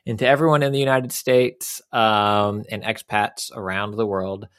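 A man co-hosting a casual podcast, teasing his friends and warmly plugging a guest. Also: on the low side, little pitch movement, moderate pace, clean tone. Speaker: podcast co-host.

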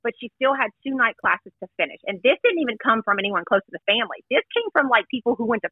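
A woman's voice: a little high, very animated, fast talker, dry recording. Blunt chatty woman on a tinny line. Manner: chatty, blunt, self-deprecating storyteller. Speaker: guest. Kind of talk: casual chat.

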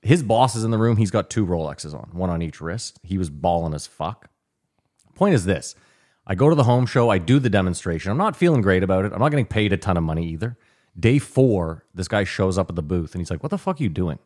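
A man's voice: low-pitched, lively intonation, a little fast, darkish tone. A man from Canada telling a long, rambling story on a casual podcast, acting out the people in it. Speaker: podcast co-host. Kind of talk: casual chat, long anecdote.

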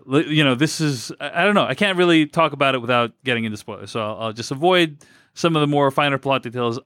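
A man's voice: mid-range voice, a bit bright, clear, resonant tone, dry recording, studio quality. A man co-hosting a film podcast, talking casually and rambling through his thoughts with many fillers and restarts. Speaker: podcast co-host. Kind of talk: casual film review chat.

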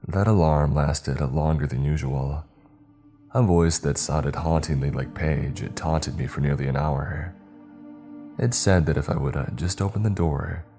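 A man narrating a horror story in a measured, steady way. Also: a bass voice.

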